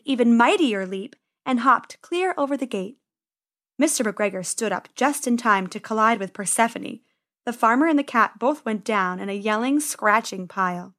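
A woman reading a children's story aloud in a gentle, expressive way. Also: a little high.

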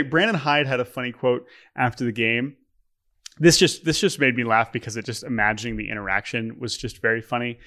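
This podcast co-host is an animated young man of medium pitch who laughs frequently. His casual chat is full of lively storytelling.

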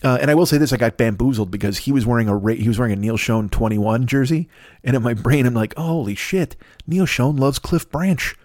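A man's voice: medium pitch, fast, darkish tone, no echo, studio quality. A man hosting a podcast, rambling through a profane late-night comedy rant and laughing at his own jokes. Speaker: podcast host.

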